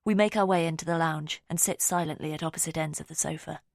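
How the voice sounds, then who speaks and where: A woman narrating a first-person audiobook in a quiet, measured, intimate way. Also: low-pitched, steady tone, creaky, no room sound, studio quality.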